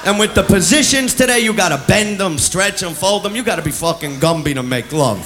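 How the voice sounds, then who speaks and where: A man doing crude stand-up comedy, brash and loud, shouting his punchlines. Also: high voice, animated, a little fast, over music. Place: live comedy club. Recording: echoey club with loud crowd. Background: audience laughter and noise.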